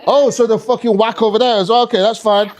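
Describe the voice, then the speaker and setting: A man's voice: high voice, fairly even intonation, fast. A man doing a live stand-up routine on a comedy club stage, rambling, swearing and talking to the crowd.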